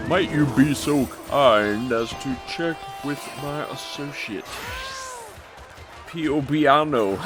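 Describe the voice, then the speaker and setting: A man voicing a gruff male festival merchant, reading game dialogue aloud in character in a slow, deliberate way. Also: mid-range voice. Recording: faint game music behind.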